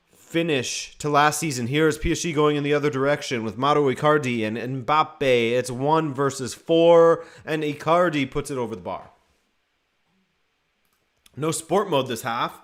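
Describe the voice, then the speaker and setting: A man's voice: fairly high pitch, unhurried. A man hosting a live football watchalong, giving casual, joking commentary and reading viewer comments aloud. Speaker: watchalong host.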